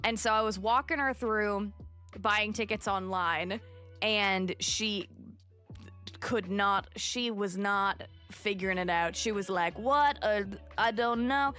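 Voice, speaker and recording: A woman's voice: medium pitch, fairly even intonation, takes it slowly, pushed and bright, faint music behind. A young adult woman streaming live, chatting casually with viewers, greeting them by name and filling her talk with lots of fillers.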